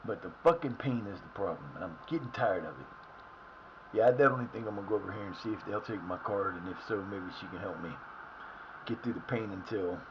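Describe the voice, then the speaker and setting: A man streaming a football management game live, cursing and shouting at his players. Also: fairly low pitch, fast talker, highs cut off, background noise. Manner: animated, swears, yells at the game. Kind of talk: live gameplay commentary.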